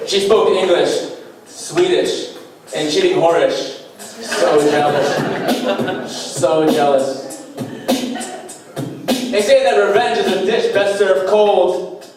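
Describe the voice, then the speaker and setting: A young man doing a stand-up comedy set, delivering deadpan one-liners with self-deprecating asides on a small club stage. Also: high voice, unhurried. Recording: echoey club heard from far off. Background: faint beatbox and room noise.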